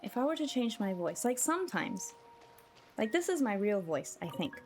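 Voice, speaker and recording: A woman's voice: medium pitch, sing-song, moderate pace, faint music behind. Chatty woman streaming a game. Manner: chatty, musing, talks straight to chat. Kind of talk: casual chat while gaming.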